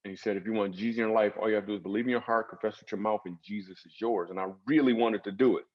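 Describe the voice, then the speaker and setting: A man, a comedian guest in an interview, telling stories in a lively comic way with acted asides. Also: on the low side, very fast, lo-fi sound. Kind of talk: storytelling interview talk.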